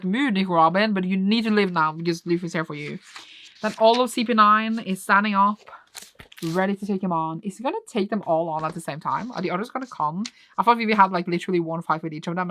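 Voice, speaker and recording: A woman vlogger reacting casually as she reads a manga aloud, excitable and gushing, with lots of "like" fillers. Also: on the low side, fast talker, dry recording. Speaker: reading vlogger.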